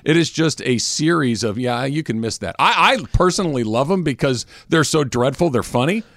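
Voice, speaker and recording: A man's voice: medium pitch, normal speed, no room sound, clean studio sound. A man hosting a radio show, chatting casually and telling stories with frequent laughter. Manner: laughs often, animated storytelling.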